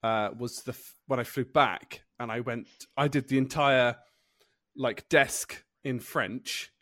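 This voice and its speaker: A man's voice: mid-range voice, slow pace, pushed and bright, dry recording. Rambling young British man, dry close sound. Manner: rambling with many fillers and restarts. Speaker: podcast co-host. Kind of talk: casual chat.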